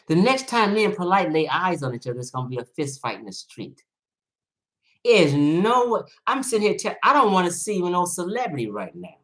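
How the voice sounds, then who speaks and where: A man's voice: big pitch swings, fairly quick. Heated, profane man ranting on a livestream. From Los Angeles. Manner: swings between loud outbursts and low muttering. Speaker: livestream host. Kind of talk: livestream commentary rant.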